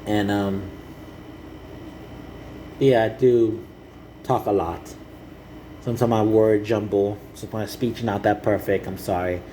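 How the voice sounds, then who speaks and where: A man speaking earnestly to the camera in a rambling personal monologue, halting and repeating "you know" often. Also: on the low side, steady tone, warm tone, slight background noise, rough recording. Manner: earnest and heartfelt.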